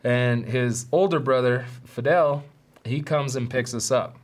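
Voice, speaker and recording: A man hosting a podcast, telling a story in a casual, animated, profane way with street slang. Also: mid-range voice, unhurried. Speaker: podcast host.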